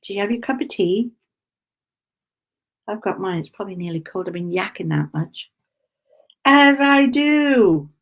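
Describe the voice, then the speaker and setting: Chatty woman, gravelly edge. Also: fairly low pitch, normal speed, pauses often, darkish tone. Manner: chatty, laughs often, greets viewers by name. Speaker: crafting livestream host. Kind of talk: casual chat while cross-stitching.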